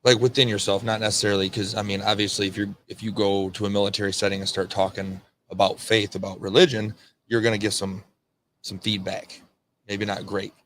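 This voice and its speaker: A man's voice: lowish voice, level tone, fairly quick, fairly bright tone, a little hiss or hum. A male podcast host and veteran in casual interview chat, laid-back and laughing often.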